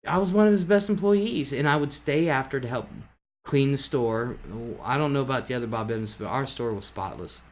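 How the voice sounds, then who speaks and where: A woman hosting a live stream, telling a rambling story in casual chat and chuckling along the way. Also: extremely low pitch. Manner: rambling, chuckling anecdote-teller.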